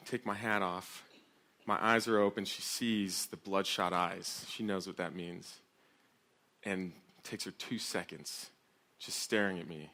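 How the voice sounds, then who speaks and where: A man's voice: fairly low pitch, unhurried. A young man, a pastor, telling a personal story in a sermon talk to a women's audience, acting out the voices in it. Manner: animated, acts out shouted quotes with laughter. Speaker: youth pastor.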